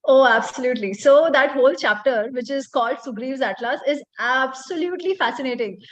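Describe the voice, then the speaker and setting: Expressive woman speaker with a high voice, passionate about her subject. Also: brisk, muffled recording. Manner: expressive, quotes Sanskrit verses. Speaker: speaker on the Ramayana. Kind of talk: impassioned talk.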